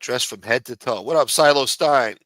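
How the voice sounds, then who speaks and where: A man with a mid-range, fairly bright voice talks at a normal speed in a low-quality recording without echo. Co-hosting a livestream, he rants furiously at a viewer, cursing a lot.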